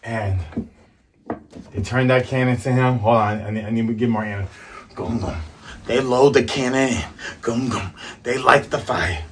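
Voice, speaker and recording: A man hosting a casual comic chapter review, retelling the scenes in an animated way and throwing in playful sound effects. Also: mid-range voice, normal speed, slight background noise. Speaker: manga review host. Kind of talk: casual chapter recap and commentary.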